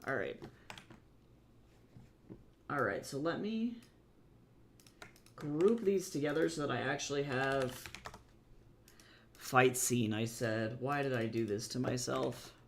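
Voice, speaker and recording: A man streaming as a webcomic artist, chatting casually and thinking out loud in a rambling, self-deprecating way as he works. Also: mid-range voice, slow, gravelly, pauses often, slight background noise. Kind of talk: casual livestream chat while drawing.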